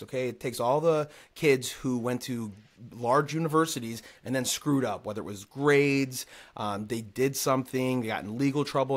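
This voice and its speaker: A man hosting a casual sports podcast, ranting in a heated, profane way. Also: mid-range voice. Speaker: podcast host.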